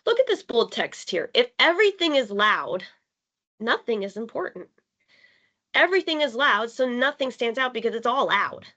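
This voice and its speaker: A woman's voice: fairly high pitch, very animated, a bit bright, highs cut off. Friendly woman teaching a design class. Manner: conversational, with fillers and emphatic pauses. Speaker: workshop facilitator. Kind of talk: teaching a live online design workshop. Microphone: video call.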